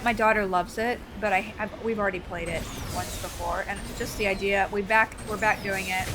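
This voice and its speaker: A woman in her forties chatting excitedly while playing a game live, with loud exclamations. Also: medium pitch, background noise. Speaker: streamer. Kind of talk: live gameplay commentary.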